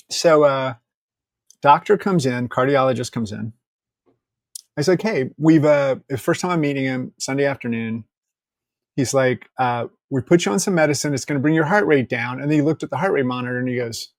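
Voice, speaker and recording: A man, a podcast guest, telling a story in casual conversation, candid and joking, quoting people in lively asides and swearing freely. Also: a little high, no echo, studio quality.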